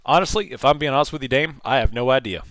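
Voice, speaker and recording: A man hosting a live trading stream, mid-pitched and loose, thinking aloud as he talks. He rambles casually, often repeating and restarting his phrases. His voice sounds dry and close, with no room echo. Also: animated, fast, a bit bright. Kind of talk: casual live market commentary.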